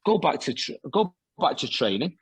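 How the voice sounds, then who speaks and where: A former footballer tells long, wandering stories, doubling back with fillers and restarts. His voice is husky with a slightly breathy edge. The sound is dry and close. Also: on the high side, very animated, normal speed, no room sound. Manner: rambling anecdotes with many restarts and fillers. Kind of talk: casual storytelling interview.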